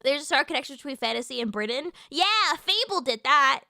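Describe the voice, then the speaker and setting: A woman streamer chatting casually with her live chat, excitable and swearing freely, with lots of fillers and restarts. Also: sits high, brisk, vocal fry, no echo, clean studio sound.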